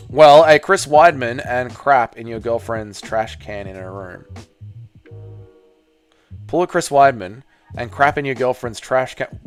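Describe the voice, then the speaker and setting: A man's voice: medium pitch, smooth. A man hosting a live fight watch-along stream, bantering with his chat in a casual, profane way.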